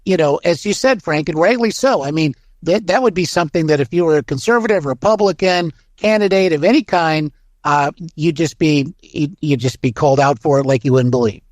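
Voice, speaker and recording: A man hosting a casual political talk show, agreeable and quick to chime in with assent. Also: a little high, dry recording, clean studio sound. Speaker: show host.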